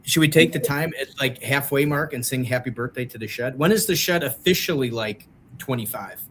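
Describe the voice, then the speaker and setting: A man's voice: medium pitch, fairly quick, fairly bright tone, slight background noise. Man, co-host, casual chat, eager, chatty. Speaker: podcast co-host.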